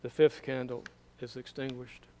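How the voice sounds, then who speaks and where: A man reading scripture aloud at a candle service, in a measured, solemn way. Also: mid-range voice, flat delivery, a little mellow. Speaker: scripture reader.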